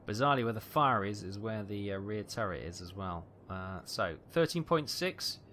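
A man giving tense, excitable live commentary on a naval battle game, calling out ranges and fire orders. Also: fairly low pitch, moderate pace, slight background noise. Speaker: gameplay commentator.

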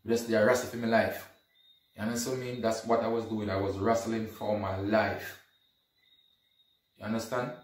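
Man telling a story, animated, distant mic in a roomy echo. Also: fairly low pitch, normal speed, long pauses. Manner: animated, acts out dialogue, repeats "you see me". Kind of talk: casual retelling of an event. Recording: echoey room, distant from mic.

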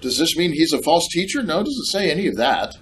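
A man's voice: fairly high pitch, sing-song, fast talker, a little hiss or hum. A man preaching a sermon, emphatic and sarcastic, repeating points with questions to the congregation. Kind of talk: sermon with slides.

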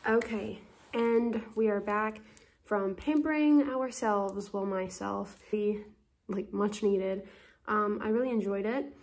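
A young woman talks straight to the camera in a relaxed beauty vlog. She chats in an easygoing way, with fillers, soft laughs and a friendly, everyday voice at a middle pitch. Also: slow pace. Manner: chatty, with fillers and little laughs. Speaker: beauty vlogger. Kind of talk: casual vlog chat.

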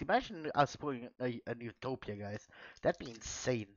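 An excitable man talks his viewers through a card pack opening, calling them "guys" between exclamations. His voice sits at an ordinary middle pitch. The recording is dull and lo-fi, with a dry, close sound. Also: unhurried, no echo. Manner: chatty, keeps addressing viewers as guys. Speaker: trading card pack opener. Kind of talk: casual unboxing chat to viewers.

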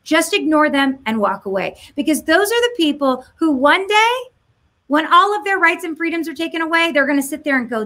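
A woman's voice: high voice, expressive, fairly quick, sharp tone. A woman giving an impassioned monologue to camera, mocking, firing rhetorical questions and doing voices. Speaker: political commentator.

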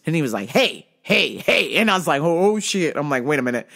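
A woman's voice: low-pitched, quick pace, creaky. A middle-aged woman telling a work story on a podcast, swearing freely and acting out the people in it. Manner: animated, acts out customer's lines. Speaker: podcast host. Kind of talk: storytelling anecdote.

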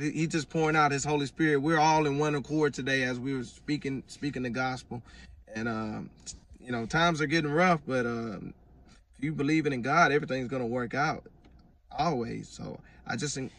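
A man telling his religious testimony in a casual, earnest way, often circling back and restarting his sentences. His voice sits in a middle pitch. He is recorded from a bit away from the microphone. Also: normal speed, a bit bright, far from the mic. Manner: earnest, rambling, with repeated restarts. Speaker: vlogger giving religious testimony.

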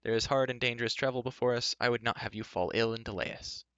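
A man voicing Adon, a courteous, calm young man who speaks gently. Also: mid-range voice, quick pace, clear, resonant tone, no echo, muffled recording, lightly acted.

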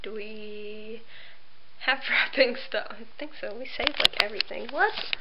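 A woman's voice: fairly high pitch, a little slow. A teenage girl vlogging at home, rambling and laughing at herself. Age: late teens. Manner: rambling, self-deprecating, filler-heavy. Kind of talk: casual vlog chat. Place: at home indoors. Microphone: webcam. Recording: dull lo-fi webcam audio with noise.

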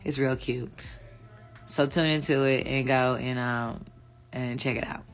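A middle-aged woman in casual chat to camera, relaxed and slangy, bantering playfully with her daughter. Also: extremely low pitch, a little slow. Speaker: vlogger and mother.

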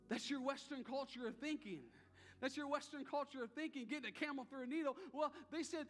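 A man's voice: very high-pitched, fairly quick, fairly bright tone, long reverb tail, faint music behind. A man preaching a sermon as pastor, talking in a conversational way and repeating phrases for emphasis. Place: church sanctuary.

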